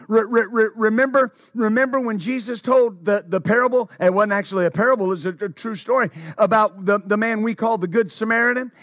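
A man preaching a sermon who repeats his phrases, asks the congregation questions and calls out hallelujah, stumbling over words when excited. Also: sits high, no room sound, studio quality.

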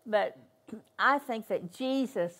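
Older lady preaching, kinda high voice, tells stories, repeats herself for emphasis. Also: takes it slowly, a bit bright. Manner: storytelling, emphatic, repeats key phrases. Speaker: guest minister. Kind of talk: sermon. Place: church.

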